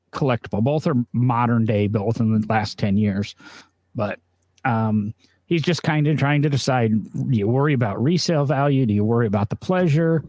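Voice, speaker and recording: A man's voice: mid-range voice, a little mellow, no echo. Chatty man co-hosting a podcast. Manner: laughs often, chatty with restarts. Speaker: podcast co-host. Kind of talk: casual chat. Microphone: video call with green screen.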